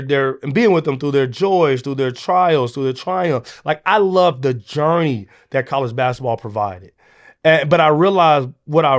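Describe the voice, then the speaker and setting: A man in his thirties from the United States hosting a motivational podcast, talking in an animated, conversational way with casual slang. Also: on the high side. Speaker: podcast host.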